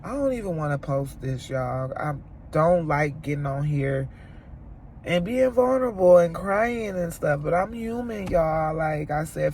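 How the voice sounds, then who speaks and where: A woman's voice: low-pitched, expressive, unhurried, darkish tone, a little hiss or hum. A woman vlogger crying as she vents about a friendship breakup, swearing as she talks to camera from her car. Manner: tearful, venting, swearing. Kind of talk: emotional car chat to camera. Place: inside a parked car.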